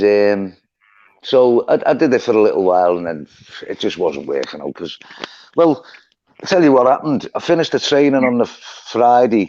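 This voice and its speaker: Low-voiced Liverpool man, chatty. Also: a little mellow, muffled recording, a little hiss or hum. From Liverpool, England. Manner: chatty, rambling storyteller who laughs often. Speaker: live stream host. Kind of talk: casual chat. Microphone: phone.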